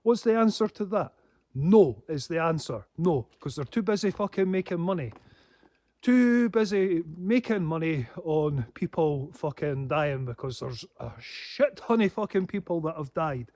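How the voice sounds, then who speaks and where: A man's voice: a little high, expressive, measured pace, a little mellow, no echo. Sweary man, rambling vlog. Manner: sweary, rambling, often laughing. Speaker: paranormal vlogger. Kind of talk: casual rambling monologue.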